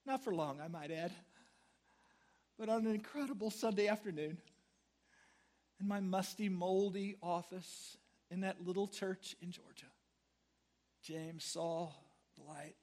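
A man pastor preaching a sermon, telling a story dramatically and swinging from hushed words to loud, blunt exclamations. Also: high voice, measured pace, long pauses. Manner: conversational, blunt.

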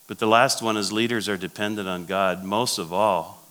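A man's voice: fairly low pitch, steady tone, normal speed, a bit bright. A man, a pastor, giving a sermon-style leadership talk at a conference, telling stories and repeating his key phrases. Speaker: pastor speaking at a church conference.

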